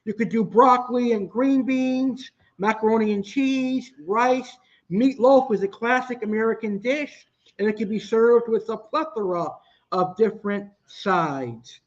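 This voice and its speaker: A man's voice: high-pitched, measured pace. A young man teaching a cooking class, talking through recipe steps plainly with some restarts. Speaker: cooking instructor. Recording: dull lo-fi sound.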